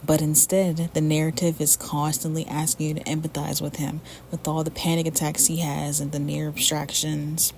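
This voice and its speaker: A woman with a low, slightly mellow voice rants bluntly and profanely about a video she made, swinging between heated complaints and chatty explanation. There's slight background noise.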